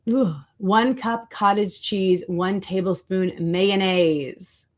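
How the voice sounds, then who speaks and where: Here the same kind of host, a woman with a medium-pitched voice, takes her time. On her casual livestream she chats away, responds to viewers, and browses foods online as she talks.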